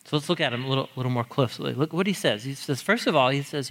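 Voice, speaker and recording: A man teaching a sermon on the Psalms in a conversational, animated way, stressing key points and laughing now and then. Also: medium pitch, fast, few pauses.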